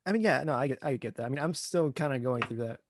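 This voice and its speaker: A man's voice: medium pitch, fast talker. A man co-hosting a casual podcast, talking hesitantly and correcting himself. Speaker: podcast co-host. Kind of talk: casual chat.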